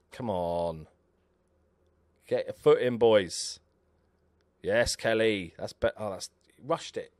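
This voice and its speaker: A man's voice: lowish voice, dry recording. A man giving casual live commentary over a football management game, chatting away and cheering on his players aloud.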